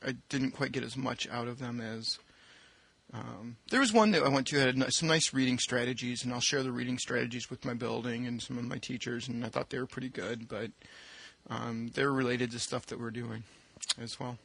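A man with a gravelly, slightly raspy, mid-pitched voice co-hosts a podcast. He talks in a chatty, self-deprecating way with frequent fillers, and the recording is dry with no room sound. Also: fairly even intonation, brisk, fairly bright tone, no echo. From Michigan, US. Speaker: podcast co-host, school administrator. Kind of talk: casual chat. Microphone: desk microphone.

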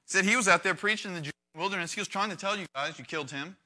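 A man preaching to a youth group in a lively, conversational way, acting out the quotes he reads with big swings in volume. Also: sits high, rapid-fire. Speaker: youth pastor.

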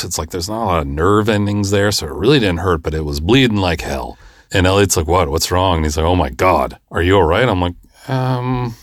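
A man in his forties hosting a podcast, telling a personal story casually and animatedly, jumping high in pitch to act out the people he quotes and laughing at himself along the way. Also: dry recording, clean studio sound. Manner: animated, acts out quoted voices with big pitch jumps; self-deprecating, laughs through the story. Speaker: podcast host and filmmaker.

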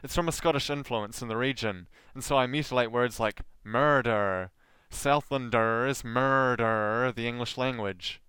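Male podcast host, Southland Kiwi accent, smooth voice, dead-dry close mic, wry scripted read. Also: mid-range voice, brisk, hardly any pauses, a bit bright, no room sound. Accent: Southland New Zealand. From New Zealand.

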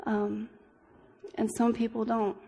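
A young woman giving an earnest personal testimony as a church devotional, halting often with ums and restarts. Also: fairly high pitch, completely flat delivery, gravelly, warm tone. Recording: long reverb of a hall.

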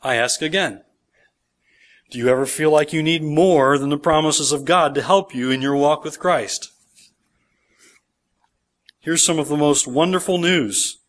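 A pastor preaching in church with a fairly high voice. He reads scripture passages aloud with emphasis, then explains them verse by verse in an earnest preaching manner. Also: measured pace, long pauses. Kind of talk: sermon.

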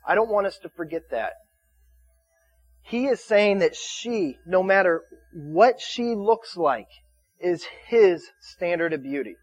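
A man's voice: high voice, lively intonation, slow pace, dry recording, faint music behind, poor audio. A man preaching a sermon in a loose, conversational way, often restarting his words and checking in with his listeners. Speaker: pastor.

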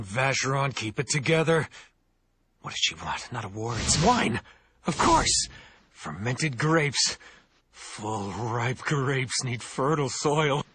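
A gravelly, flustered wine-fretting character. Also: male voice, mid-range voice, heavily acted. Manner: talks to himself, theatrical. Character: flustered male character fussing over wine. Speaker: game character. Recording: game clip with clear background noise.

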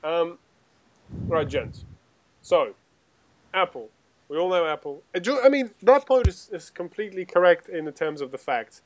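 A man's voice: fairly high pitch, lively intonation, normal speed, pauses often. A man hosting a casual gaming podcast, teasing his co-hosts and steering the talk along. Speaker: podcast host.

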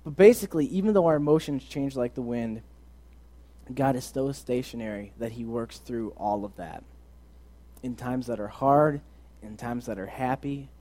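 Young male preacher, conversational and earnest, warm dark tone, mid pitch. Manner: earnest, conversational, swings from loud to soft. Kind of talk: casual sermon.

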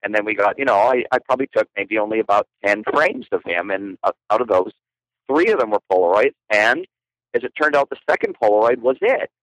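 Animated man telling photo stories. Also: on the low side, fairly quick, dry recording, rough recording. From Canada. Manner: animated, playful, frequent laughter. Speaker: guest photographer. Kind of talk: storytelling podcast interview.

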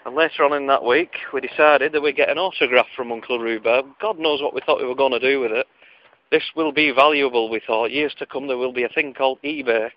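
A man's voice: medium pitch, fairly even intonation, fast talker. A man telling a comic story from his childhood in a wry, digressive, self-mocking way, on a lo-fi recording.

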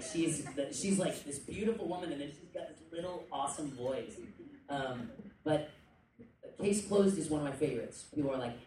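A man talking casually to a convention panel audience, rambling with jokey asides and quick tangents. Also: a little high. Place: indoor convention panel room. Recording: echoey room, distant mic, faint noise.

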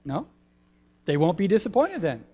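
An older man, a pastor giving a gentle, folksy children's sermon in a church, pausing often with ums. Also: sits high, wildly swooping pitch, breathy edge. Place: church sanctuary. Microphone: handheld microphone. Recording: dull lo-fi church recording.

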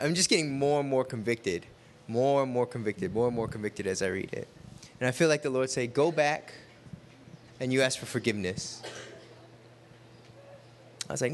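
A man preaching to a group, telling a personal story in a conversational, animated way and acting out the quotes. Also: on the high side, brisk, slight background noise. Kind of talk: sermon with storytelling.

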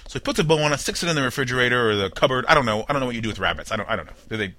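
Animated, bright-voiced man joking through news. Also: mid-range voice, rapid-fire, hardly any pauses, no echo. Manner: wry, jokey asides while reading headlines; mock-dramatic voices for imagined people. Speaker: podcast host. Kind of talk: comedic news roundup.

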